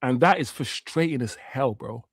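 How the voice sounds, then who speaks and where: A man's voice: mid-range voice, normal speed, husky, dry recording. A man, hosting a live watch-along stream in a heated, slang-filled rant that often swears. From Jamaica. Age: 50s.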